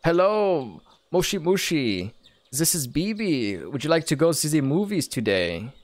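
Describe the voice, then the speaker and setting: A man's voice: fairly high pitch, very animated, a little slow, no room sound, voice pushed up. A man doing a chipper student in a mock German accent. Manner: chipper, eager. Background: game music.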